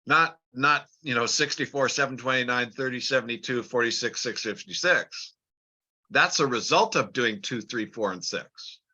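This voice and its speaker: Guy explaining a chart step by step, bright voice, kinda dull lo-fi sound. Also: mid-range voice. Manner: plain, repeats words, talks through numbers step by step. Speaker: business trainer.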